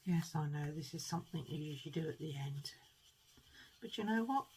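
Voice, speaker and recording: A woman's voice: low-pitched, lively intonation, a little fast, background noise. A woman chatting through a card-making tutorial at her craft table, rambling and self-deprecating as she mutters to herself while she works.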